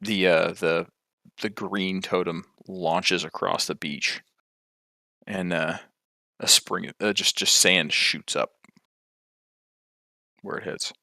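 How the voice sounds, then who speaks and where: A man's voice: sits low, fairly even intonation, takes it slowly, vocal fry, pauses often, bright, forceful tone, no room sound, clean studio sound. A man narrating a tabletop game as game master, hesitant and full of ums.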